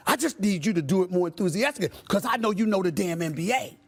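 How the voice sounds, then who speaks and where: High, gravelly man ranting theatrically. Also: fast talker, few pauses. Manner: loud, theatrical, lively rants with mock-pleading. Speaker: sports debate commentator. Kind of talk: heated sports debate.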